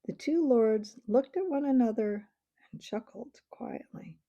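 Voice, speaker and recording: Gravelly woman reading a storybook aloud. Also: fairly high pitch, unhurried, no room sound, dull audio. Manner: expressive, varied voices for characters. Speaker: audiobook reader.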